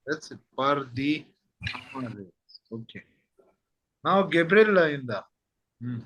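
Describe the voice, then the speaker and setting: Slow, bright-voiced language teacher. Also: male voice, medium pitch, lively intonation. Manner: repeats phrases slowly, says "that's it" often. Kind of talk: slow patient language lesson.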